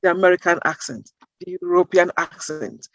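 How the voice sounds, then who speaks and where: A woman's voice: fairly low pitch, normal speed, dry recording, dull audio. Earnest woman making emphatic points. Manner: emphatic, builds points with rhetorical questions. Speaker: guest, accent-bias advocate. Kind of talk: interview answers.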